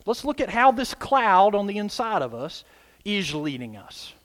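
A man's voice: sits high, sing-song, measured pace, a bit bright, in a large hall. A man preaching a sermon as pastor, emphatic, with call-and-response asides to his listeners.

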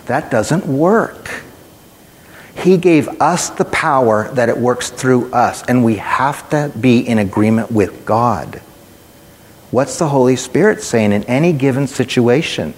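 A man preaching a sermon, telling a personal story in a conversational way and speaking directly to his listeners. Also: mid-range voice. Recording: long hall reverb.

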